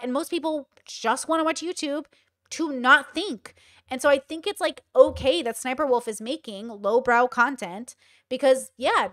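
A woman's voice: high voice, no echo, studio quality. A young woman hosting casual commentary, chatty and full of "like" fillers. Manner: chatty, many 'like' fillers. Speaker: host.

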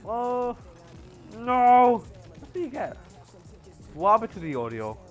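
Excitable high-voiced man streaming a game. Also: takes it slowly, soft background music. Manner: excitable, yelling and laughing, teasing other players. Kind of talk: live gameplay commentary.

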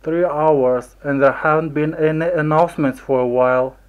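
A man's voice: fairly high pitch, steady tone, moderate pace, smooth, dull audio, close to an everyday voice. A man voicing an easygoing young man at an airport in a textbook audio dialogue. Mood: friendly. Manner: casual, easygoing.

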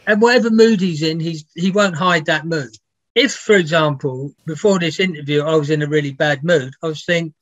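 A man's voice: on the high side, brisk, fairly bright tone, no room sound. A man, a music biographer, telling rambling, laughing anecdotes with some swearing in a casual interview. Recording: dull, dry lo-fi sound.

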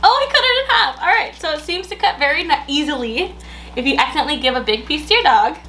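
A woman with a high, bright voice casually unboxing a pet box on camera. She keeps slipping into coaxing sing-song baby talk with her dog, gasping and laughing as she goes. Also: animated, quick pace, a little hiss or hum. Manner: gasps and laughs as she chats.

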